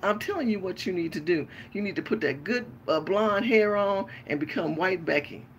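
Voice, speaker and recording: A woman's voice: mid-range voice, moderate pace, slight background noise. A tired woman hosting a late-night livestream rant, talking bluntly with lots of profanity. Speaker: livestream host and pastor.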